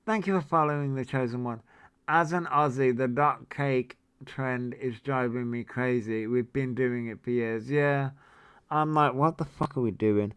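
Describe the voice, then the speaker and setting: A man's voice: medium pitch, unhurried, a bit bright, clean tone. A man in his forties hosting a casual livestream, reading viewer comments and ranting in a sweary, incredulous, rambling way. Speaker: livestream host.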